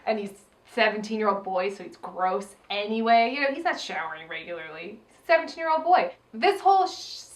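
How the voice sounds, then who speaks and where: A woman's voice: medium pitch, a little fast. A woman co-hosting a film review podcast, chatting casually, swearing freely and acting out her own reactions. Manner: animated, profane, acts out her reactions. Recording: roomy echo.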